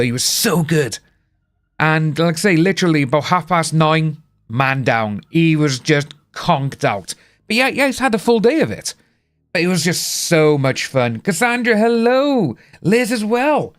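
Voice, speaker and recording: A man's voice: on the high side, animated, normal speed, a bit bright. A young British man chatting casually on a live stream, rambling and greeting viewers by name. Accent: British English. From United Kingdom.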